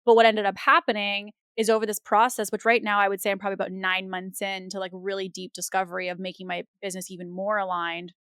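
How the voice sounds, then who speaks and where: A woman's voice: mid-range voice, fast talker, hardly any pauses, clear, resonant tone, no echo. Chatty woman podcast host, dry close sound. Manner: animated, rambling, frequent fillers. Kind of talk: casual conversational interview.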